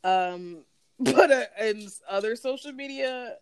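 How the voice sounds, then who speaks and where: A woman's voice: fairly high pitch, unhurried, a little mellow, clear, resonant tone, no echo, clean studio sound. Chatty woman co-hosting a casual podcast. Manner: chatty, slangy, laughs often. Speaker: podcast co-host. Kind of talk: casual chat.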